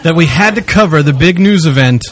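A man's voice: a little high, expressive. A man co-hosting a podcast in casual chat, joking and contrary, drawing out his thoughts. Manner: contrary, jokey, drawn-out musing. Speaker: podcast co-host.

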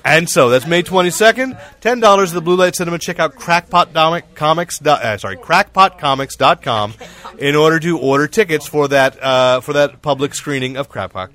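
Bright-voiced man hosting a podcast. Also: fairly high pitch, brisk. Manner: chatty, laughing, wraps up the show. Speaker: podcast host, editor-in-chief. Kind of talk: casual group chat.

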